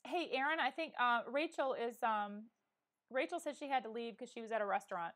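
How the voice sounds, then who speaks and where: A woman's voice: fairly high pitch, fairly quick, a bit bright. A middle-aged woman hosting a casual live chat, talking earnestly and encouragingly straight to her viewers. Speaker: live-stream vlogger.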